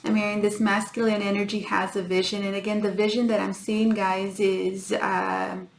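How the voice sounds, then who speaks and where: Woman giving a tarot reading, halting. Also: medium pitch, little pitch movement, creaky, reverberant, a little hiss or hum. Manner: halting, repeats herself, keeps saying "guys". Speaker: tarot reader.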